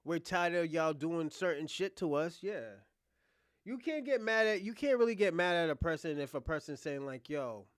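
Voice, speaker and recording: A man from the United States hosting a livestream, giving blunt, profane casual commentary and talking back to his chat in loud bursts. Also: fairly high pitch, clear, resonant tone, dry recording, studio quality. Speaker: livestream host.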